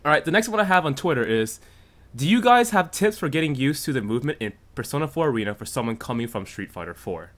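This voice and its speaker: A man hosting a casual gaming podcast, animated and quick to laugh as he reads viewer questions. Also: medium pitch. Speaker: podcast host reading questions.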